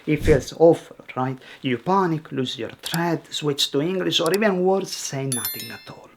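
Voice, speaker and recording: A man's voice: on the high side, normal speed, a little hiss or hum. A man, a teacher giving a scripted video lesson in short, emphatic phrases and rhetorical questions. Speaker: Italian teacher.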